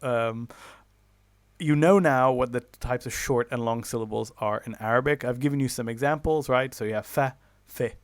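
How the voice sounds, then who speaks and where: A man gives a recorded lesson in a mid-range voice, heard close and dry with no room echo. He explains step by step, filling pauses and correcting himself. He draws out each example word slowly. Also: medium pitch. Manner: explains step by step with many fillers and self-corrections; slows down to drawn-out example words. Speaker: teacher. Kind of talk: recorded online lecture.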